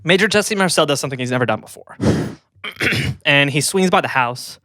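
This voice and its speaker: A man's voice: fairly high pitch, expressive, a little fast, bright, forceful tone, no echo, clean studio sound. A man co-hosting a podcast, telling a story in casual chat with fillers and restarts, out of breath. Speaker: podcast co-host.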